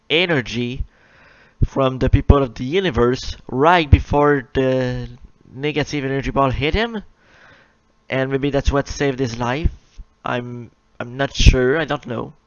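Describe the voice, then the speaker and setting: A young man chats his way through a live question-and-answer session, reading each viewer question aloud before answering it with easy self-mockery. His voice sounds smooth and clear, but the recording is slightly muffled and dry, with no room around it. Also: mid-range voice, no room sound. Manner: chatty and self-mocking, reads questions aloud and answers them. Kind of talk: casual live Q&A chat. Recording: slightly dull lo-fi mic, dry.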